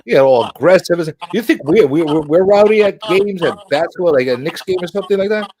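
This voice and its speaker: A man's voice: high voice, animated, brisk, a little mellow, poor audio. A man with a New York accent chatting casually as a livestream guest, blunt and profane, repeating words as he tells stories. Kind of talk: casual chat.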